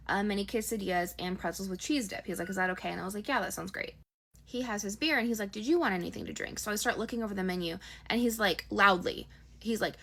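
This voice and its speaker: A woman tells a personal story in a casual, chatty storytime voice. She talks very quickly, at a middle pitch. She slips quoted dialogue into her narration in her own voice. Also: creaky, fairly bright tone.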